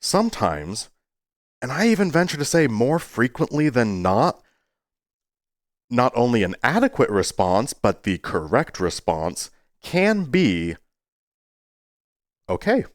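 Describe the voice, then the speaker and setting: A man talking to his viewers in a casual, rambling way, earnest but playful, with sudden jumps into a high voice. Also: sing-song, measured pace, no room sound, studio quality. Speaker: YouTuber. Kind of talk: casual talking-to-camera monologue.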